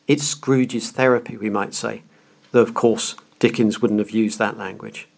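A man's voice: on the low side, steady tone, measured pace, gravelly. Earnest man explaining a classic novel. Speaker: podcast host. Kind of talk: literary lecture podcast.

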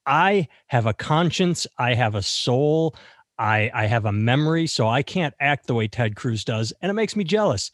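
A man's voice: expressive, normal speed, dry recording, clean studio sound. Sarcastic man hosting comedic news chat. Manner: sarcastic, swings high when mocking. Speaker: podcast co-host. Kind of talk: casual comedic news banter.

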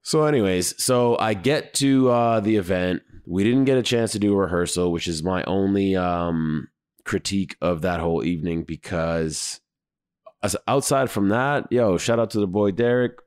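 A hoarse man hosting a podcast, telling stories in an animated, profane, casual monologue. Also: deep voice, normal speed. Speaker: podcast host.

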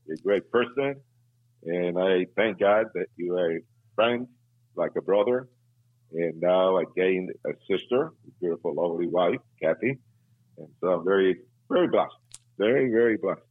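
A man's voice: low-pitched, moderate pace, breathy edge, dry recording. Effusive man on a tinny phone line. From Italy. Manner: effusive, full of heartfelt praise. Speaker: guest. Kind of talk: casual interview chat.

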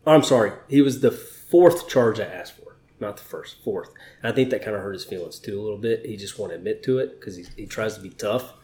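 A man's voice: fairly low pitch, fast talker, few pauses, a little mellow. A man, a Navy chief, telling personal stories as an interview guest in a candid, emotional way, swearing freely. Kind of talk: conversational storytelling. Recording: roomy echo.

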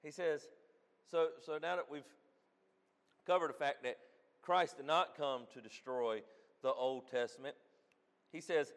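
A pastor preaching with a high voice, swinging between loud, emphatic declarations and quiet asides. His sermon rings with the long reverb of a large hall. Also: a little slow, pauses often.

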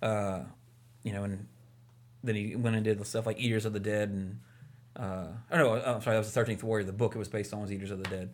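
A man's voice: on the low side, fairly even intonation, fast, slight background noise. A man co-hosting a casual movie podcast, talking enthusiastically and rambling with lots of fillers. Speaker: podcast co-host.

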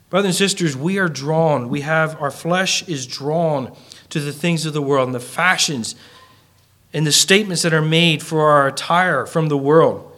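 A man delivering a sermon, reading scripture in measured phrases and pressing his points with rising intensity. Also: fairly bright tone. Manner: earnest, rises in pitch and volume when pressing a point. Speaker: preacher.

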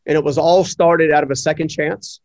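A middle-aged man, an entrepreneur, telling a personal story in an interview, animated and full of fillers as he acts out the dialogue. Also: a little high, brisk, no room sound. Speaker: entrepreneur guest. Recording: dry, slightly muffled audio.

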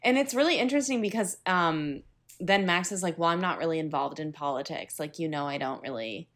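A woman's voice: low voice, expressive, brisk, a bit bright. A young woman co-hosting a podcast, chiming in with agreement and quoting characters as she recaps a musical. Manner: agreeable, chimes in, quotes characters. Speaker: podcast co-host. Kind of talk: casual chat recapping a musical.

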